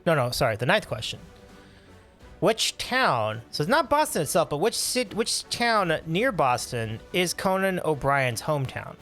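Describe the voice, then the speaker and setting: A man hosting a casual livestream, reading and answering chat with upbeat, animated talk and frequent laughs. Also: on the high side, measured pace, faint music behind. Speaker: livestream host.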